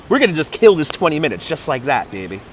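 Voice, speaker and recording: A man's voice: a little high, a little hiss or hum. A man chatting casually on a livestream as a tour guide, talking playfully into a phone held in his hand outdoors. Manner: chatty, playful, drifts into put-on accents. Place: outdoors in a city park.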